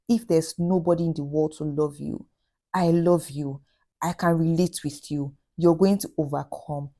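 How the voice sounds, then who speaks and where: A woman's voice: deep voice, creaky, dark tone. A woman giving heartfelt, encouraging advice in a vlog, repeating her phrases for emphasis. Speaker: vlogger.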